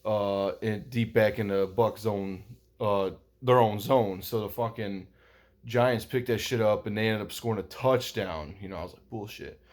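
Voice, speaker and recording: A man's voice: lowish voice, fairly even intonation, moderate pace. Swearing young guy recapping football. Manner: rambling, heavy swearing, lots of fillers. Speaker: sports vlogger. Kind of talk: casual football recap vlog.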